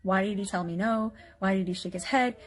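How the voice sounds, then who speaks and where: A woman's voice: medium pitch, a little fast. A woman anxiously recounting a dream, rambling with many fillers and bewildered questions.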